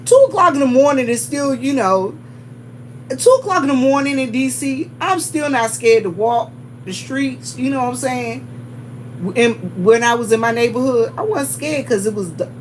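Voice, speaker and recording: Lady vlogging, high voice, super chatty, keeps saying y'all, laughs a lot. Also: slight background noise. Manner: animated, chatty, addresses viewers as y'all, laughs often. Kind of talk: casual storytelling to viewers.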